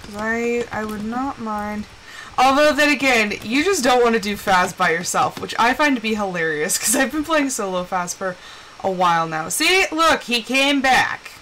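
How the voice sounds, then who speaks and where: A woman's voice: medium pitch, lively intonation, normal speed, fairly bright tone, slight background noise, poor audio. A woman streaming a game live, chatting with viewers and breaking into dramatic, exasperated outbursts. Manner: chatty asides to chat. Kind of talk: live gameplay chat with viewers.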